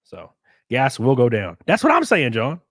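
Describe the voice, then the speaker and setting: A man hosting a livestream, reading viewer donations and ranting in a profane, excitable way. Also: mid-range voice, normal speed, no echo, clean studio sound. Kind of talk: casual livestream chat and rant.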